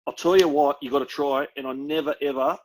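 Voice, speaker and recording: A man's voice: on the high side, steady tone, fast, a little hiss or hum, poor audio. A young Australian man co-hosting a podcast, chatting casually, bluntly and enthusiastically, with some swearing. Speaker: podcast co-host. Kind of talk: casual chat.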